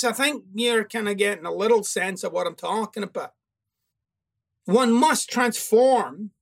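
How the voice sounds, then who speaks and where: A man's voice: high-pitched, a bit bright. A man hosting a self-help show, giving a blunt, confrontational monologue full of swearing. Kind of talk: motivational monologue.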